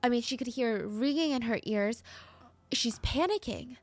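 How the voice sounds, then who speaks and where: A woman's voice: on the high side, normal speed, dry recording. A woman hosting a true crime podcast, narrating a case with dramatic, suspenseful pacing and casual asides. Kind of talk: storytelling narration.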